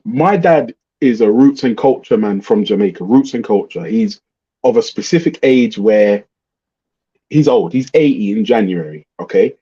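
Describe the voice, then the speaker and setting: Middle-aged host, dark husky voice, lively pitch, muffled lo-fi stream audio, blunt and sweary. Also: male voice, normal speed. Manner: blunt, swearing, animated storytelling. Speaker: livestream host. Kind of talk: casual ranting chat.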